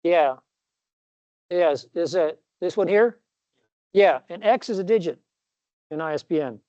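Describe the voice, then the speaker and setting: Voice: mid-range voice, animated, a little slow, dark tone, no echo. Professor, classroom lecture, rambling, self-correcting, jokey asides, dry sound, dull lo-fi recording.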